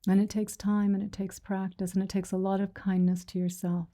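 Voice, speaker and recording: Woman meditation teacher, dark tone, even delivery, soft and reassuring, slips into whispers. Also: mid-range voice, brisk. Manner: gentle, reassuring, soft-spoken; retells stories with quoted voices. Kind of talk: dharma talk to a sangha.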